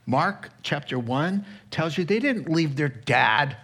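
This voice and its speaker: A male pastor preaching a sermon, animated and chuckling, acting out quotes as he goes. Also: on the high side, slow pace, husky.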